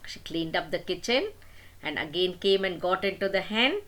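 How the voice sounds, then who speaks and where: An older woman telling a story to children, with a fairly low voice. Her pitch is very lively, rising and falling as she plays up the drama. She sounds like a grandmother reading aloud. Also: moderate pace. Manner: animated, dramatic.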